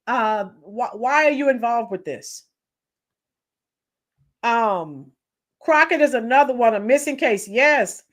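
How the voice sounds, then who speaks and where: A woman's voice: sits high, fairly bright tone. A woman hosting a live commentary stream, giving opinions and greeting chat viewers by name. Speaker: livestream commentary host.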